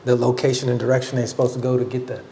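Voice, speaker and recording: A man's voice: mid-range voice, monotone, racing, creaky, mellow, roomy sound, a little hiss or hum. A man co-hosting a podcast in casual banter, blunt and teasing, telling stories. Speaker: podcast co-host.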